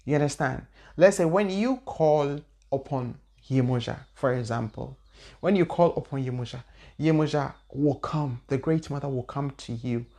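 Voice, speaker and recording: A woman's voice: a bass voice, moderate pace, warm tone. A woman spiritual teacher telling her own story in an earnest, repetitive way. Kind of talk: personal testimony talk.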